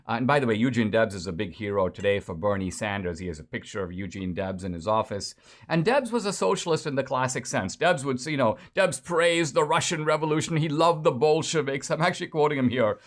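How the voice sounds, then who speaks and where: A man's voice: mid-range voice, animated, fairly quick. A man giving a lecture-style political commentary in a sarcastic, lecturing manner.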